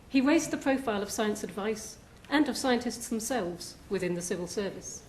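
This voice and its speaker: Woman event host, formal scripted introduction, fairly high voice, echoey hall, faint hiss. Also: a little mellow. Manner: formal and measured. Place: lecture hall.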